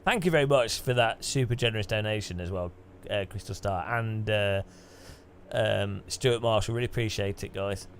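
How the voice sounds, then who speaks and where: Slight background noise accompanies a man with a fairly low voice speaking at a moderate pace. He hosts a casual racing livestream, reading donations and reacting with puzzled, laughing chatter, swearing freely.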